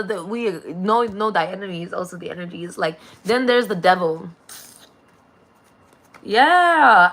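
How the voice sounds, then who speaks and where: A woman's voice: medium pitch, bright, forceful tone. A woman delivering a rambling, profane spiritual monologue, laughing often.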